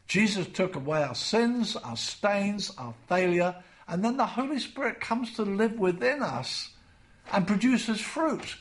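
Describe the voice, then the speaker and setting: A man preaching a sermon, earnest, repeating key phrases for emphasis. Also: high-pitched.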